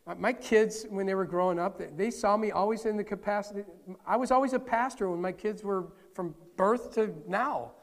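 Pastor, man, middle-aged; high, gravelly voice, conversational sermon with playful asides, reverberant church hall. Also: moderate pace, few pauses. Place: church sanctuary.

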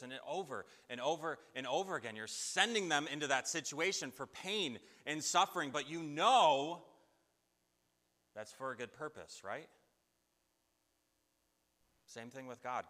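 A man's voice: medium pitch, lively intonation, moderate pace, pushed and bright, long reverb tail. A man preaching a conversational sermon, asking the listeners' questions and answering them himself. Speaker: pastor.

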